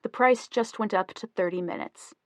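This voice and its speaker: A woman reading the lines of a quick-witted young wife in an audiobook, fond and bantering. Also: medium pitch, dry recording, lightly acted. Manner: playful bargaining banter.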